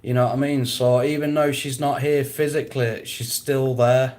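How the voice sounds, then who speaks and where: A man's voice: medium pitch, level tone, normal speed, darkish tone. A man chatting casually on a live stream, answering viewers, rambling and often breaking into laughter.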